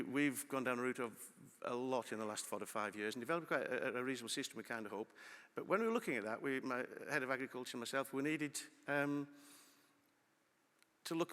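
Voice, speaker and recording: A middle-aged man gives a conference talk in a large hall, and the long reverb follows his words. He speaks quickly with a bright, forceful tone and keeps putting questions to the audience. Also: medium pitch. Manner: lively, asks the audience questions.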